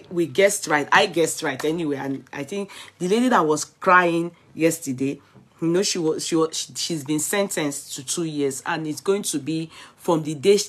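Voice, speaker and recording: A woman with a Nigerian accent hosting a live stream. She greets viewers by name, chats freely and laughs often as she goes over the news. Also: sits low. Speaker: vlog host.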